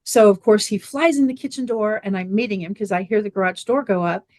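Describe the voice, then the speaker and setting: A middle-aged woman who owns a water machine business appears as an interview guest, speaking at a medium pitch and fairly quickly. She tells her story animatedly, slipping into her family members' voices. The recording is dry and close, with no room sound at all.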